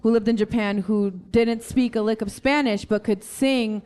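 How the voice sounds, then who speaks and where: A woman's voice: on the high side, fairly even intonation, moderate pace, warm tone, clear, resonant tone. A woman moderating a live panel, asking questions with friendly, playful asides.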